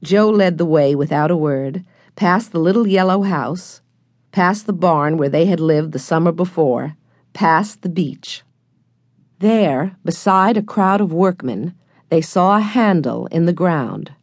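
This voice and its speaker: Woman narrator for a kids' audiobook, unhurried and low, dry studio sound. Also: expressive, dry recording. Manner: measured, gentle storytelling.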